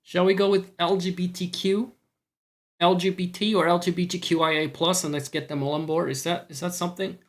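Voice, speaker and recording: A man's voice: high-pitched, level tone, brisk. Rambling, sweary Scottish man streaming. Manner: rambling, sweary, self-mocking. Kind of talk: casual live-stream chat.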